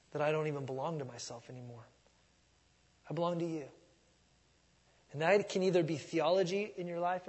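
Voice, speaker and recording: A middle-aged man preaching a sermon in a conversational way, moving between soft asides and loud emphatic lines. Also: a little high, breathy edge, big-room sound. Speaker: pastor.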